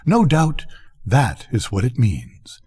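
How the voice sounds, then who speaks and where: A man's voice: medium pitch, wildly swooping pitch, slow pace, a little mellow, breathy edge, heavily acted. An older man voicing a conceited, pompous male firework rocket. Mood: haughty. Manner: pompous, haughty.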